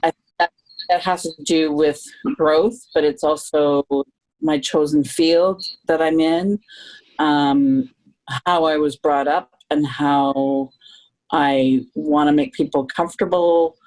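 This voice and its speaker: Low-voiced woman speaking earnestly. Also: steady tone, slow pace, a little mellow, poor audio. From Canada. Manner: earnest and open, thinking aloud with restarts. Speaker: guest. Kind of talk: reflective podcast conversation.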